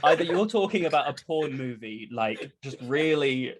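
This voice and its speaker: A man's voice: medium pitch, expressive, normal speed, crowd noise. A man appearing as a guest on a podcast, chatting casually with a dry, apologetic humor. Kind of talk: casual chat.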